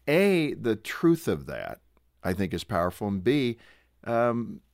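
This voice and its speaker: Affirming male host, lowish voice. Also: wildly swooping pitch, slow, gravelly, no room sound, clean studio sound. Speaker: radio show host. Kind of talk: interviewing guests.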